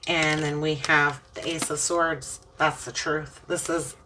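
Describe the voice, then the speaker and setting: A woman's voice: low-pitched, fairly even intonation, slow, bright, forceful tone, distant mic, slight background noise. A woman giving an earnest, emotional spiritual tarot reading, preaching about faith as she turns the cards. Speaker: tarot reader.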